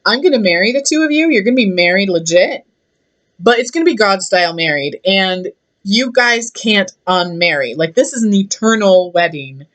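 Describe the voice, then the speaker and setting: A woman's voice: medium pitch, animated, moderate pace, fairly bright tone, natural voice. Zeus, a scolding god-king, as a woman puts him on. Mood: exasperated. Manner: exasperated, scolding, slangy. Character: fed-up male king of the gods, bossy.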